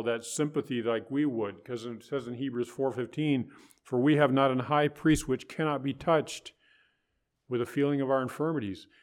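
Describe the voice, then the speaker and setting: A man preaching a sermon, quoting scripture, rising higher and louder when voicing others and dropping soft for gentle words. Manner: rises in pitch and volume for quoted voices, drops soft for tender words; preaching with biblical quotations.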